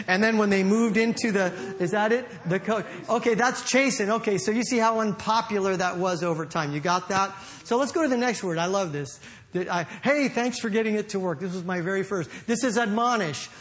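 High-voiced animated man preaching. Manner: animated, playful, acts out quotes. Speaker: pastor. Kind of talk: sermon.

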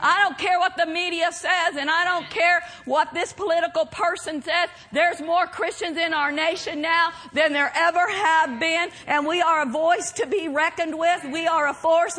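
High bright-voiced woman preacher, laughing. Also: measured pace, few pauses. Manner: animated, bursts into mocking laughter and shouts. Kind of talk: sermon.

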